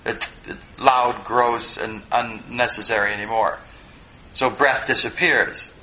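Bright-voiced male meditation teacher. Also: mid-range voice, fairly even intonation, unhurried, a little hiss or hum, poor audio. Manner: digressive, self-deprecating, plain-spoken. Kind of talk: dharma class talk.

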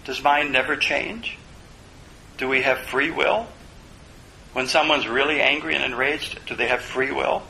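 A man's voice: mid-range voice, measured pace, vocal fry, long pauses, pushed and bright, a little hiss or hum, poor audio. A man giving a Buddhist dharma talk, reflecting aloud and posing questions to himself. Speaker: Buddhist teacher.

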